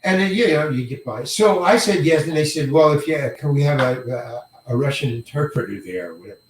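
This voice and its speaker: An older male actor telling a career story in an interview, halting and rambling, often repeating words and chuckling. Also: fairly high pitch, lively intonation. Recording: roomy echo, mic set far away.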